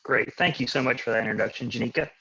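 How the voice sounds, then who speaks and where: A man starts presenting an online class at a middle pitch, with loose and rambling phrasing. His video-call connection makes the sound choppy, robotic and muffled. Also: fast talker, gravelly, bright, forceful tone, breathy edge. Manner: loose and rambling, often ending with "right?". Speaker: guest presenter, engineer. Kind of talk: lecture opening.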